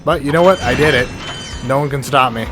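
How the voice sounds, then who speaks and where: A man giving rambling, excitable gameplay commentary as the host of a let's play, often cutting himself off mid-thought and swearing casually. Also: mid-range voice, fairly quick. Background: game music and sound effects.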